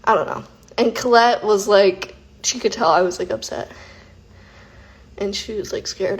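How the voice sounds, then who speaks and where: A woman hosting a casual phone livestream, telling stories in an animated way and saying "like" and "literally" a lot. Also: mid-range voice, a little slow, long pauses. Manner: animated storytelling, heavy use of "like" and "literally". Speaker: vlogger hosting an Instagram live.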